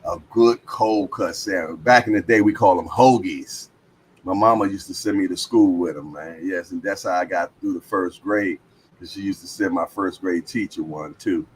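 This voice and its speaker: A man's voice: deep voice, moderate pace, slight background noise. A man hosting a livestream, chatting casually and reading viewer comments aloud with a laid-back, slangy manner. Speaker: livestream host.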